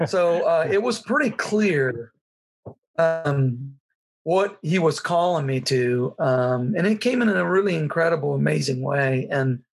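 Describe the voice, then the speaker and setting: A middle-aged man telling a personal story in an earnest, halting way, with frequent restarts. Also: a little high, lively intonation, vocal fry. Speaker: guest sharing his testimony.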